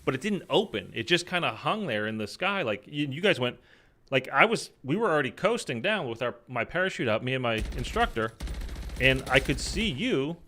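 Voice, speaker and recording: A man telling a personal story in casual chat, rambling with many fillers and loudly acting out quoted lines. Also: mid-range voice, very animated, a little fast. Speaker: streamer. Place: in Los Angeles.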